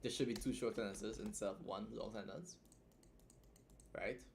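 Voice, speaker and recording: With a lowish voice, vocal fry and fairly even intonation, a young man walks viewers through editing on an easygoing writing stream at a moderate pace. He's drained from staying up late and keeps adding "right?" to his remarks. Faint hiss or hum runs in the background.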